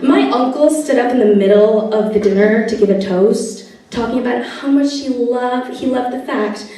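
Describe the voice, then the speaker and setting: A young woman from Spain, telling wry stand-up stories about her family with long comic pauses. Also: fairly high pitch, mellow. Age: young adult. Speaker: stand-up comedian. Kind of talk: stand-up comedy set. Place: comedy club stage. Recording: echoey room, mic at a distance.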